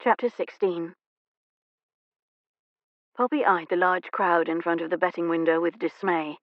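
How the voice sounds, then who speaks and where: A woman narrating an audiobook in a measured, expressive manner. Her voice has a gravelly texture. The recording is dry and a little dull. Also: on the low side, dry recording.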